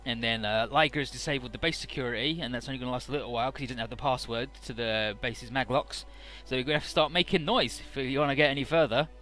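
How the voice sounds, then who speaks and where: Medium in pitch and sharp in tone, this man runs a relaxed game playthrough, going back over the plot with casual cursing. He tosses off the characters' lines as brief mock impressions.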